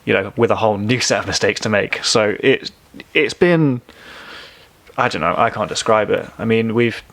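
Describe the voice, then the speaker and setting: A man's voice: lowish voice, normal speed, creaky, fairly bright tone. A young man, a band member guest on a podcast, speaking earnestly and enthusiastically in casual chat.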